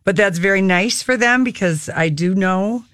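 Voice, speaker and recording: A woman's voice: medium pitch, normal speed, dry recording. Chatty woman radio co-host, dry studio sound. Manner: chatty, animated storyteller. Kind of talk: casual radio chat.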